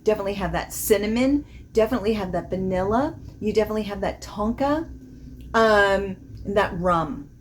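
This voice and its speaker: A woman's voice: mid-range voice, animated, fairly quick, a little hiss or hum. A woman vlogging a casual fragrance review, chatty and rambling, laughing often as she describes the notes. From not from the American South.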